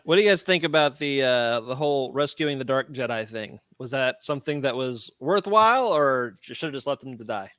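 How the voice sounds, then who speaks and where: A man on a casual discussion panel, speaking hesitantly with many pauses and fillers. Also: medium pitch, animated, a bit bright, no room sound, studio quality. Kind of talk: casual roundtable chat.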